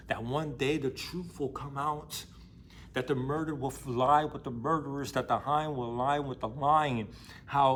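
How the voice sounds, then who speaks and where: A man's voice: mid-range voice, fairly bright tone, slight background noise. A young man casually retelling and discussing a novel, in a slangy, profane, emphatic way. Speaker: book discussion vlogger.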